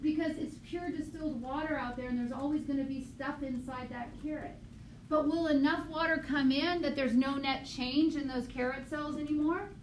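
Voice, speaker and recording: A woman biology teacher lecturing a class, quizzing students with quick questions, recorded on a tablet mic across the classroom. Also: high voice, steady tone. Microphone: tablet mic from across the room. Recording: echoey classroom, distant mic, faint noise.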